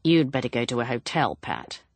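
A woman voicing a guarded, protective grown son who talks in a firm, measured way. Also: very deep voice, sing-song, no echo, exaggerated voice.

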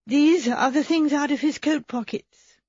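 A woman's voice: sits high, a little slow, darkish tone, no room sound, pitched above the performer's own voice. A woman voicing a practical young vicar's wife who speaks tersely and asks direct questions. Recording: slightly dull recording.

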